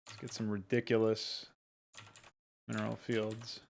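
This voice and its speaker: Faint hiss or hum accompanies this game modder's stream, where he talks a little slowly in a low, monotone, creaky voice. He chats casually with viewers, laid-back, laughing frequently and swearing offhandedly.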